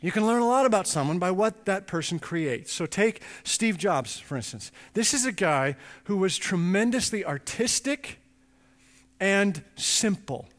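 A man preaching a sermon, emphatic and animated, with chatty asides. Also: sits high, unhurried. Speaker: pastor. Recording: long reverb in a large hall.

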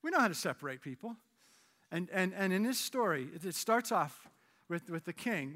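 A man preaching a sermon as pastor, conversational and joking, then dropping into low solemn emphasis. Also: big pitch swings, moderate pace, sharp tone, in a large hall. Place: church hall with audience.

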